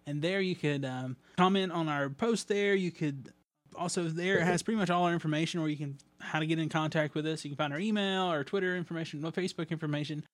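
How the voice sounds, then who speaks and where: A man's voice: fairly high pitch, fast, no room sound. A man hosting a podcast in a casual, rambling way with many ums and restarts, reading out listener mail. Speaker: podcast host.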